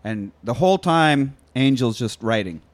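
A man's voice: medium pitch, expressive, moderate pace. A man hosting a podcast, chatting casually about a movie and acting out its lines as he retells the scenes. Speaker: podcast host.

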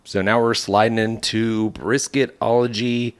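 A man's voice: fairly low pitch, little pitch movement, unhurried. A man co-hosting a podcast, chatty and heavy on fillers as he shares trivia in casual banter. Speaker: podcast co-host.

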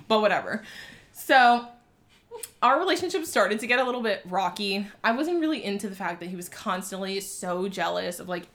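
A woman in her twenties telling a story in casual chat, animated, laughing and saying "like" a lot. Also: mid-range voice, moderate pace. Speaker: storyteller guest.

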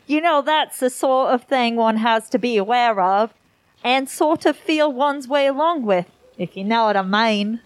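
A woman's voice: high-pitched, expressive, a little slow, dry recording. A woman voicing a flirtatious, posh middle-aged British prince in a comedic reading, with a put-on plummy upper-class accent. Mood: flirty.

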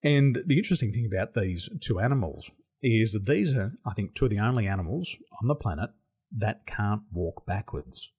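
A middle-aged Australian man telling stories as an interview guest, animated and laughing often. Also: fairly low pitch, moderate pace, slightly rough. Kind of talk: casual interview storytelling.

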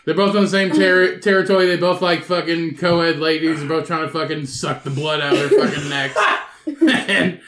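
A woman's voice: lowish voice, fairly even intonation, normal speed. A woman co-hosting a podcast, telling an improvised comic story, cursing and laughing often. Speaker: podcast co-host. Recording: echoey room, far mic, loud crowd noise.

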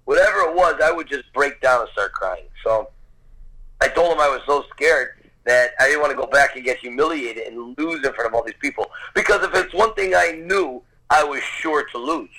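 A man's voice: medium pitch, animated, normal speed, sharp tone, rough recording. A man telling a personal childhood story in an earnest, conversational way, acting out the voices of the people in it. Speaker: storyteller guest. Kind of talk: personal anecdote, casual storytelling.

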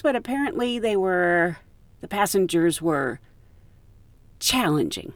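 A woman podcast host and flight attendant telling stories in a casual, animated way, laughing often. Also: on the low side, measured pace, pauses often, no echo. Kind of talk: casual storytelling.

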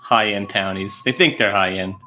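A man's voice: lowish voice, fairly even intonation, moderate pace, pushed and bright, faint music behind. A middle-aged man co-hosting a casual podcast chat, blunt and teasing, full of wisecracks. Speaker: podcast co-host.

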